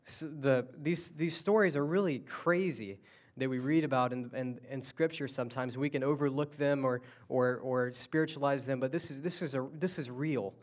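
A man's voice: medium pitch, moderate pace. A man preaching a sermon, telling the story conversationally with restarts and asides. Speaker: pastor.

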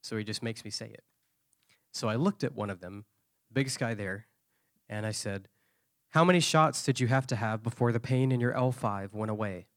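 Man, sermon storytelling, animated delivery, dry close sound. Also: lowish voice, moderate pace, no room sound. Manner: animated storyteller, acting out quoted voices. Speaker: preacher.

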